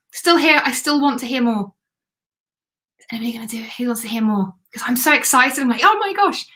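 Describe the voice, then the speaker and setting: A woman hosting a live stream as a business coach, chatty and excitable while pitching a program. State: has the hiccups.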